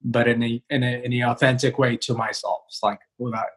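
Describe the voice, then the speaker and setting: A male comedian talking casually in an interview over a video call, relaxed and rambling with many fillers and restarts. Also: medium pitch, brisk, breathy edge, low-quality recording. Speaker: comedian guest. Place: home, remote video call.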